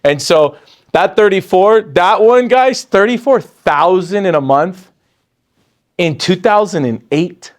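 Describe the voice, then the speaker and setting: A man in his forties giving an energetic motivational sales training talk, jumping up in pitch when excited and dropping low to quote others. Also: slow pace.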